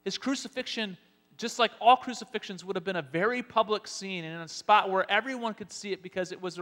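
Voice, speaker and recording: Animated male pastor in a reverberant hall. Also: high voice, fast talker. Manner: animated storytelling, acting out Bible scenes. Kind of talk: sermon.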